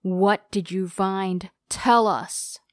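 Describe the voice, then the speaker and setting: A woman voicing a cold female kidnapper who poses as the mother, questioning slowly and coldly. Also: mid-range voice, fairly even intonation, dry recording, studio quality.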